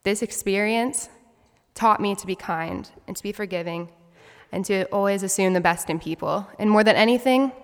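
A woman's voice: mid-range voice, clear, resonant tone. Earnest young woman in a reverberant hall. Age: 20s. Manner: earnest, reflective storytelling. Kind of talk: personal story speech.

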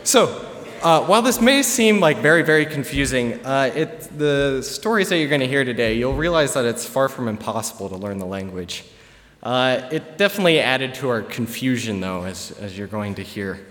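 Young guy giving a talk in a big echoey hall, easygoing, lots of uhs. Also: medium pitch. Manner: relaxed, chatty, many filler uhs. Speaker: student presenter. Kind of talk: live classroom presentation. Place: large hall with an audience. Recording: long hall reverb.

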